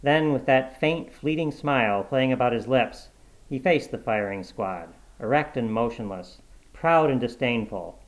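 A man narrating a short story aloud in a steady, measured storybook reading. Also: medium pitch, rough recording.

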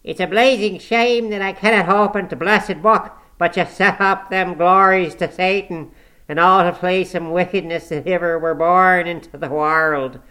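A man's voice: high voice, steady tone, normal speed, bright, forceful tone, pitched above the performer's own voice. A man voicing a cantankerous, pious old male servant, scolding and groaning. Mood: ranting. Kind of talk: audiobook character voice.

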